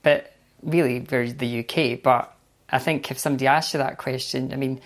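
A woman's voice: extremely low pitch, fairly even intonation, moderate pace. A Scottish woman, a hairdresser, chatting casually in an interview and often finishing her colleague's sentences.

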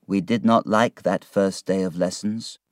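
A man narrating a storybook in a slow, clear, expressive reading. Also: deep voice, dry recording, studio quality. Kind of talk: storybook narration read aloud.

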